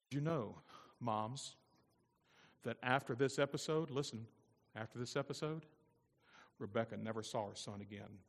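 A man's voice: mid-range voice, normal speed, pauses often, big-room sound. A man pastor delivering an emphatic sermon with call-and-response asides. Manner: emphatic, call-and-response, rising to loud peaks.

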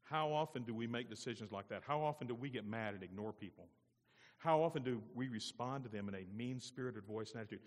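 A male pastor preaching a sermon, lively and quizzing his congregation with questions. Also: mid-range voice, fast. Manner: animated, asks the congregation questions. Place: church. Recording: long church reverb.

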